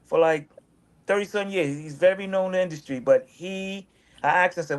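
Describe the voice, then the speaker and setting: Animated man telling a story casually. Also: a little high, fairly quick. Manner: animated, repetitive, acts out quoted dialogue. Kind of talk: casual street-talk storytelling.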